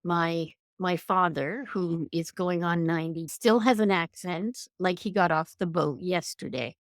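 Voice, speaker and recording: A podcast host with a Canadian accent conducts a conversational interview, effusive and thoughtful, musing aloud as she talks. Her lowish voice has fairly even intonation and a measured pace, captured with studio quality and no room sound.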